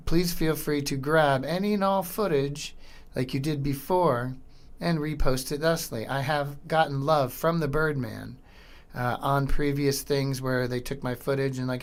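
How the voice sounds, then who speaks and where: Over vintage skateboarding footage, a middle-aged podcast host reacts in an unhurried, medium-pitched voice. He's casual and excited, full of slang and cursing.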